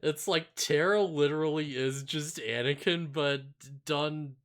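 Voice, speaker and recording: A man's voice: fairly high pitch, a little slow, a bit bright. A man co-hosting a casual podcast chat, rambling with lots of filler words and laughing often. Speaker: podcast co-host.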